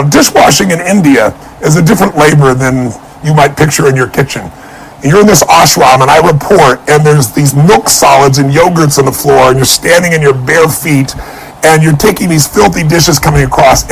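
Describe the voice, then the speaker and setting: A man giving a motivational speech, telling a personal story and acting out the dialogue with animated energy. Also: fairly high pitch, creaky, a little hiss or hum, rough recording. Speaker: motivational speaker.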